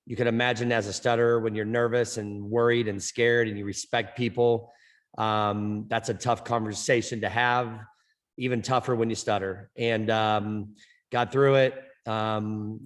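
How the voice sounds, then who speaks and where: A middle-aged man from California speaks in a low, level voice that hardly rises or falls. He is a coach telling his story in a podcast interview, with frequent repeated words and stuttered starts. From Orange County, California. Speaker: head softball coach, guest.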